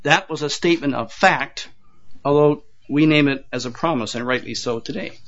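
An older man delivers a sermon to his congregation in a folksy, conversational manner. His voice sits a little high, and he repeats words and chuckles at his own asides. The recording sounds dull and lo-fi. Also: moderate pace, a bit bright. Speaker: pastor.

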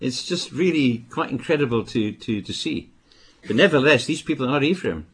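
An older man from Britain preaching a sermon, with emphatic bursts and quieter asides. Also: mid-range voice, expressive, brisk, husky. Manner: emphatic, rising to stress warnings, then dropping to asides.

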